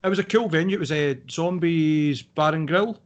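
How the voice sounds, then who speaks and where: A man's voice: on the high side, moderate pace. A man from Scotland, a band member, chipping in details during a casual chat.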